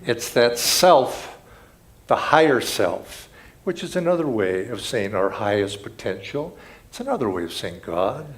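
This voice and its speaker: A man speaks at a spiritual gathering in an earnest, reflective way, telling stories to make his points. His pitch sits in the middle of the male range, and his delivery rises and falls with lively movement. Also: a little slow. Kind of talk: inspirational spiritual talk.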